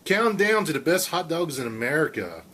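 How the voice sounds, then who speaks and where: A man putting on a famous radio countdown host's voice for a mock countdown, with a drawn-out, announcer-like delivery. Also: a little high, big pitch swings, pushed and bright, heavily acted. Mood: showy. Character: adult male countdown radio DJ impression, slow and showy.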